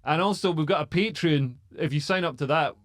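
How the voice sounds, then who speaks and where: A man hosts a casual podcast, with a slightly high voice. He jokes in a deadpan way and reads the sponsor plugs. The recording is close and dry. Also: brisk, no echo. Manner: deadpan, joking. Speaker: podcast host.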